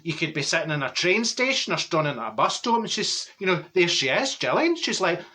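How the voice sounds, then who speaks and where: A gossipy, straight-talking Glasgow woman, put on by a man, rattling through comic stories full of exclamations and asides. Her Glaswegian voice sits fairly high and rings bright and forceful. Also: sing-song, fairly quick, exaggerated voice. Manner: chatty, rambling, exclamatory gossip. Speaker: comedy character monologue. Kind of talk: comic character storytelling.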